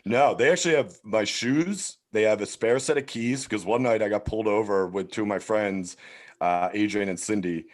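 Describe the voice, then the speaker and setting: Male comedian guest, low voice, swears constantly, rambles through a story. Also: normal speed. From Philadelphia area. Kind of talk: casual storytelling chat.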